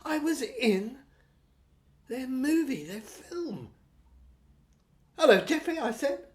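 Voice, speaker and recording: A woman reads a first-person audio novel, her delivery dreamy and wandering, full of pauses. Her voice sits a little high and swings widely in pitch. She takes her time with every phrase. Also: very animated, darkish tone. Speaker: narrator.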